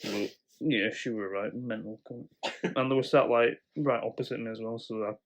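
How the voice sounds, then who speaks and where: A man's voice: mid-range voice, fairly even intonation, moderate pace. A young man telling a story in casual podcast chat, swearing often and laughing as he goes. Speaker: podcast co-host.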